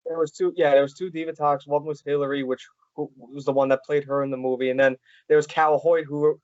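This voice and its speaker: Male podcast host, halting and eager, dull lo-fi sound. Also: on the high side, little pitch movement, a little mellow, no echo. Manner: halting, many "like" fillers and restarts. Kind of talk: casual interview chat.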